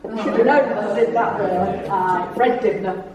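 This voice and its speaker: A chatty middle-aged woman gives an anecdotal talk to a club audience in a function room, performing the dialogue of her funny stories as an after-dinner speaker. Her mid-range voice holds a steady tone at normal speed. The very noisy recording has its highs cut off, and she stands far from the mic in a very echoey room.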